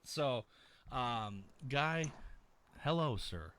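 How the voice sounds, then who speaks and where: A man hosting a live podcast, chatting casually and loudly with a guest and greeting viewers with plenty of swearing. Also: fairly high pitch, slow, dry recording. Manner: loud, profane and boisterous, shouting out viewers. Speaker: podcast host. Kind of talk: casual live-stream chat.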